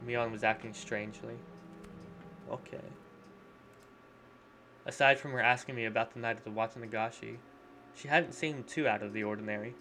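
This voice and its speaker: A wary teenage boy narrating a visual novel, voiced by a man reading aloud. The reading is plain and measured. His voice sits at a middle pitch, with a faint hiss underneath. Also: steady tone, sharp tone.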